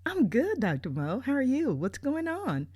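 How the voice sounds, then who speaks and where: Lady putting on a sweet smooth counselor lady, gentle and soothing, higher voice. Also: huge pitch swings, normal speed, no room sound, clean studio sound, heavily acted. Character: kind soft-spoken woman counselor.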